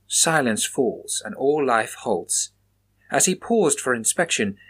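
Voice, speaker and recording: A man's voice: medium pitch, fairly bright tone, slightly rough. Man narrating a mystery story.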